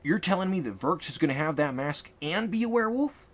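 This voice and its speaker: An eager, excitable teenage boy, voiced by a man, talking fast and pitching his voice up with curiosity.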